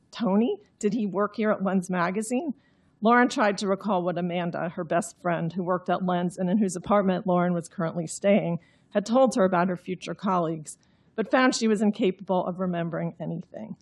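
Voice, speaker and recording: A woman's voice: on the low side, fairly quick. A woman reading her own novel aloud in an understated, droll way, then explaining the story. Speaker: author.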